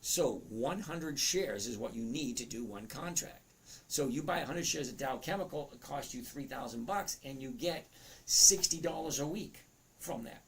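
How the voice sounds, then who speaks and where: A trading educator in his fifties, a man with a mid-range, cracking voice, chats his way through a live trading lesson at a moderate pace. His intonation is lively, and he reads viewer comments aloud and keeps interrupting himself.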